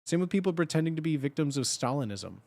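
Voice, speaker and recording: A man's voice: fairly high pitch, big pitch swings, fast, darkish tone. A man in his thirties chatting casually on a livestream, blunt and profane, and laughing often.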